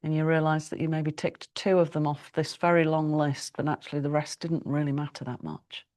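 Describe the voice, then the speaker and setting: A middle-aged woman teaching a yoga class, giving slow, calm breathing cues with long pauses. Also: deep voice. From United Kingdom. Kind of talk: guided yoga class instruction.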